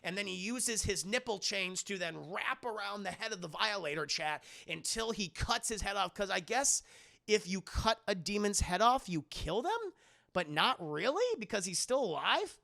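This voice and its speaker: A man's voice: high-pitched, animated, moderate pace, vocal fry, sharp tone. A man reviewing a film on stream, recapping its plot for his chat in a profane, jokey way and acting out the characters. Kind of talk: casual spoiler recap.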